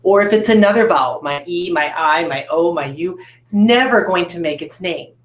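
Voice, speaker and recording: A woman teacher leads a phonics lesson at a whiteboard, asking students questions in an encouraging, patient way. Her voice sits a little low. The recording carries the echo of a roomy classroom. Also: animated, normal speed.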